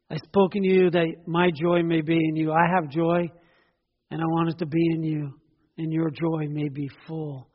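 A man delivers a sermon in a husky, high voice, pressing his point with rhetorical questions and emphatic repetition. The recording is dull and lo-fi, with long reverb trailing off his words as if in a large hall. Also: steady tone, a little slow, pauses often. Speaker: preacher.

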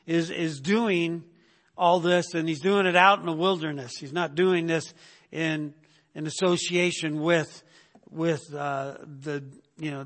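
A man's voice: on the high side, a bit bright, long reverb tail. A man teaching a sermon in a conversational way, often stopping to ask "right?" and repeating words as he goes. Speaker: preacher.

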